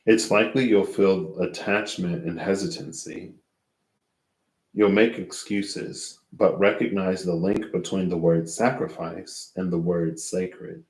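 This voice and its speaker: Very deep, slow male tarot reader, drowsy and rambling, in an echoey room. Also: fairly even intonation, a little mellow. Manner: rambling, thinks aloud and loses track mid-sentence. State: sleepy, yawning. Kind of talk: casual tarot reading, reading guidebook aloud.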